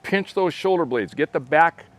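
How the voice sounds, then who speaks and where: A man's voice: a little high, lively intonation, normal speed. A man in his sixties, close to seventy, demonstrating fitness exercises for fly fishers, plain-spoken and coaching as he moves. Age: 60s. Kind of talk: casual instructional demo. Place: outdoor covered veranda in a park.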